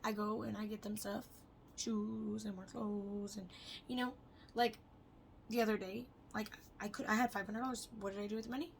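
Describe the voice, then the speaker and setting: A woman's voice: medium pitch, flat delivery, moderate pace, creaky, background noise. A young adult woman vlogging casually, rambling with lots of fillers and frequent swearing. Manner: chatty, swears freely, rambling with many fillers. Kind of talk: casual personal vlog.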